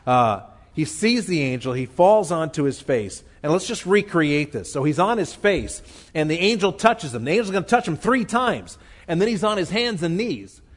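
A man preaching a sermon, reading scripture and explaining it earnestly, slowing down to stress his points. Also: a little high, sing-song. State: tearful, choked up. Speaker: pastor.

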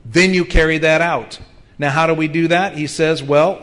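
A man's voice: on the high side, steady tone, normal speed, fairly bright tone. A man in his fifties preaching a sermon in an earnest, conversational way, with frequent ums and restarts. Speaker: pastor.

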